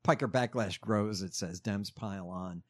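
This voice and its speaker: A man's voice: lowish voice, normal speed. Man, podcast co-host, casual political chat, reads headlines, filler-heavy.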